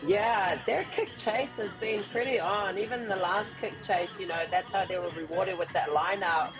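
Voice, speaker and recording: A woman's voice: mid-range voice, normal speed, over music, rough recording. A woman giving casual, enthusiastic color commentary on a live rugby match.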